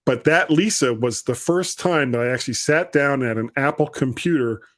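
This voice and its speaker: A man's voice: medium pitch, normal speed, a bit bright. A man with a London accent hosting a podcast, chatty and self-deprecating in casual talk. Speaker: podcast host. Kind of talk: casual chat.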